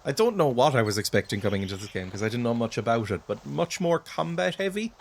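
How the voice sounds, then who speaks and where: A man's voice: mid-range voice, very animated, fast talker, vocal fry, a little hiss or hum. A man narrating and playing a video game with dry, self-mocking humor. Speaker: gaming YouTuber. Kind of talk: let's play commentary with scripted narration.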